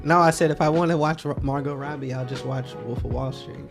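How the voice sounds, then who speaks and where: A man's voice: mid-range voice, fairly even intonation, quick pace, gravelly. Earnest young man, music under. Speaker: podcast co-host. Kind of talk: casual chat.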